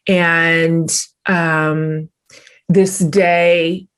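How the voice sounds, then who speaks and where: A woman in her forties from Oklahoma, a podcast host who gently prompts her guest and offers frequent soft affirmations. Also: lowish voice, level tone, extremely slow, clean tone. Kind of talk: interview conversation.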